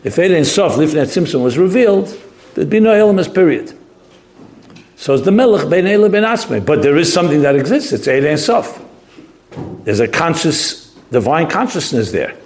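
A man's voice: a little high, very animated, normal speed, darkish tone. A man teaching a text study lesson, thinking aloud with restarts and mixing in Hebrew terms. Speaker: Torah teacher. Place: study hall classroom.

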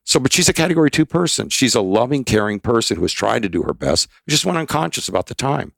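A man's voice: mid-range voice, big pitch swings, fast talker, vocal fry, a bit bright, no room sound. An older man, a podcast guest, telling rambling, emphatic anecdotes in a casual interview. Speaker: expert guest.

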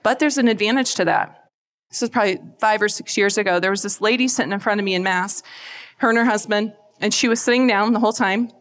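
A woman giving a faith talk to a live audience, chatty and animated, often asking the crowd questions. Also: medium pitch, fast talker. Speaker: speaker at a church event. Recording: long hall reverb.

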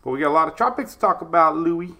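A man's voice: on the high side, expressive, quick pace, sharp tone. A middle-aged man hosting a live weather stream, chatty and upbeat, greeting viewers by name. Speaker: weather show host.

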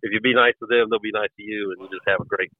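A man's voice: on the low side, fairly even intonation, racing, no room sound. A man from West Virginia with an Appalachian accent, chatting casually as a guest and telling rambling, folksy stories. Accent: Appalachian American. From West Virginia, USA. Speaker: podcast guest. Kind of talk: casual chat. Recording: tinny phone-like line.

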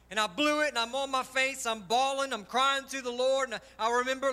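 Man, pastor, high bright voice, passionate sermon delivery in a church. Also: steady tone, fairly quick, hardly any pauses, clean tone. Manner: impassioned, personal testimony, swings loud and soft. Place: church sanctuary.

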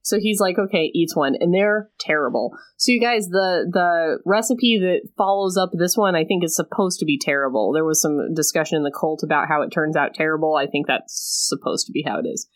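Lower-voiced woman recapping a romance plot. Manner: retells the plot with quick voiced asides and laughs. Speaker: podcast co-host recapping a novel. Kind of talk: casual chat.

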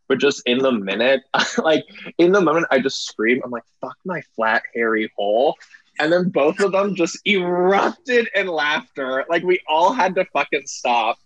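A man's voice: a little high, a bit bright, dry recording, lo-fi sound. A man candidly telling crude stories in a casual chat, laughing often, speaking over a video call. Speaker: podcast guest.

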